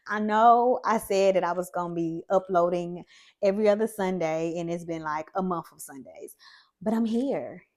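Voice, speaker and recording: A woman's voice: on the low side, normal speed, darkish tone. A woman vlogger candidly telling her own story, reflective and conversational with plenty of fillers.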